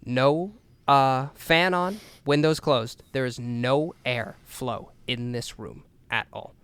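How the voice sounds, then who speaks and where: A young man co-hosting a podcast, telling a story in a lively, casual way with lots of swearing and filler words. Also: medium pitch, slow, clean tone, no room sound. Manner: animated, swears a lot, says "like" and "dude". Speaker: podcast co-host.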